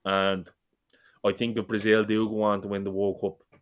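This man holds forth at a moderate pace in a casual football fan conversation, passionate, rambling and liberally cursing. His voice is low and flat in pitch, yet clear with a resonant tone.

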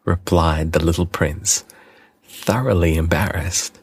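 A man reading a classic storybook aloud in a gentle, deliberate way. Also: low voice, slightly rough, dry recording. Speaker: audiobook reader.

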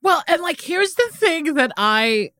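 Bright rambling woman co-host. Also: sits high, big pitch swings, unhurried, no room sound, clean studio sound. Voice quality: rambling, trailing-off sentences. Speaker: podcast co-host. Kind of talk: casual chat.

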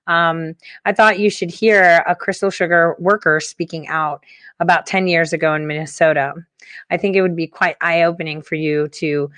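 A woman's voice: deep voice, a bit bright, no echo. A woman host giving casual commentary in a conversational, hesitant way with many fillers.

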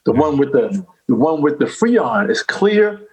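A man with a slightly high voice tells a rambling comic story in loose conversation. He is animated and profane, and he loops back over his own phrases as he builds each bit. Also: a little slow, poor audio. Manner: animated, profane, repeats himself. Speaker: comedian guest. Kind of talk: casual storytelling chat.

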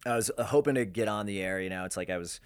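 A man's voice: lowish voice, rapid-fire, clean tone. A man from Denver, a radio host and program director, telling his career story in a rambling, casual way full of fillers. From Denver, USA. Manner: rambling, lots of fillers and laughs.

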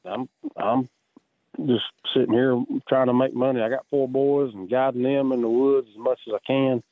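A man's voice: medium pitch, steady tone, moderate pace, no echo. A man with a Southern US accent, calling in to a radio talk show and chatting casually in a folksy, drawling way. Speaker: caller. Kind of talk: casual chat. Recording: tinny phone line.

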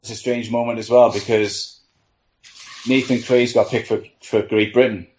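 A man's voice: mid-range voice, little pitch movement, moderate pace, darkish tone, lo-fi sound. A man, a team trainer, rambling through anecdotes in casual panel chat, with frequent laughs and "you know". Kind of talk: casual storytelling on a podcast panel.

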